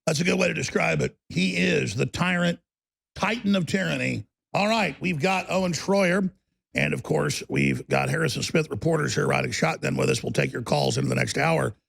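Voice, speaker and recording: A man's voice: a little high, lively intonation, moderate pace, creaky, a bit bright. A man hosting a talk show, delivering a heated, combative monologue in a mocking tone.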